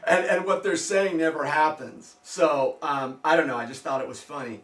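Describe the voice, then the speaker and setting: A man's voice: on the high side, moderate pace, hardly any pauses, fairly bright tone. Skeptical man ranting in a roomy space. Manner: skeptical, rhetorical questions, mocking asides. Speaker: video blogger. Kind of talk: casual commentary to camera. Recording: roomy, distant from the mic.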